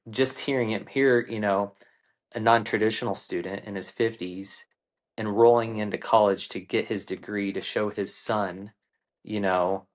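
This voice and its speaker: Earnest low-voiced man telling a story. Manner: earnest, unhurried, frequent ums and restarts. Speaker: guest, coach. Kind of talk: reflective conversational storytelling.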